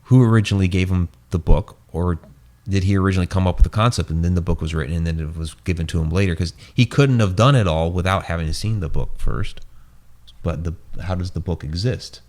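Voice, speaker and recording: A man's voice: low-pitched, fast, darkish tone. A man hosting a casual podcast chat, rambling with many fillers and restarts as he starts to lose his voice. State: losing his voice. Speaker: host.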